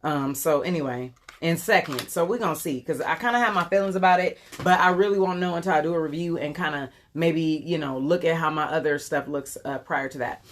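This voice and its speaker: A woman's voice: low voice, a little fast, hardly any pauses, slight background noise. A woman in her forties chatting casually on a live makeup stream, rambling with lots of ums as she answers viewers. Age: 40s. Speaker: beauty vlogger doing a live makeup tutorial. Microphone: phone camera.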